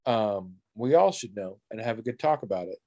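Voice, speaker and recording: A man's voice: fairly low pitch, animated, normal speed, dark tone, no echo, lo-fi sound. A man co-hosting a podcast in casual chat, teasing and sardonic, swearing offhandedly. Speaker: podcast co-host.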